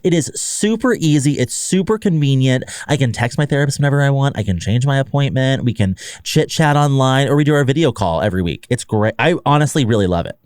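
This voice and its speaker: Lively, expressive man co-host. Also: medium pitch, a little fast, hardly any pauses, smooth, no echo. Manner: short reactive questions and quips. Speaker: podcast co-host. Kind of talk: casual podcast chat.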